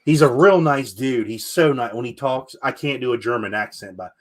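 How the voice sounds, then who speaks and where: A man's voice: mid-range voice, normal speed. A man hosting a casual podcast chat, telling stories with animation and swearing freely. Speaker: podcast host.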